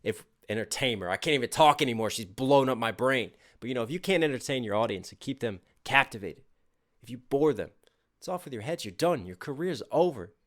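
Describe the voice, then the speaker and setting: A man's voice: medium pitch, expressive, a little fast, fairly bright tone. A man hosting a music reaction channel, chatting casually and eagerly picking apart the lyrics as he thinks aloud.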